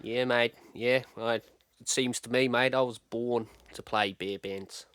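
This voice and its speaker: A man voices a brash Australian film star in a comedy radio sketch. He swears freely and leans on mate at the end of every line. The voice is mid-pitched and recorded close and dry. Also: fairly even intonation, measured pace, a bit bright, clear, resonant tone, no room sound, lightly acted. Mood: smug. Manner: foul-mouthed, keeps saying mate. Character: crude, arrogant male Australian film star. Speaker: interview guest.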